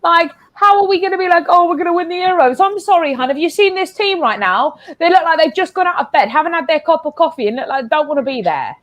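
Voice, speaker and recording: A woman's voice: extremely high pitch, sing-song, quick pace, few pauses, fairly bright tone. A woman guesting on a football stream, ranting in sweary, sarcastic casual chat.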